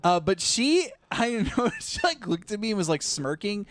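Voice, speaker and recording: A man co-hosting a movie podcast, chatting casually with excited, rambling, laughing talk. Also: high-pitched, normal speed, a little hiss or hum. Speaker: podcast co-host. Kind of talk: casual movie review chat.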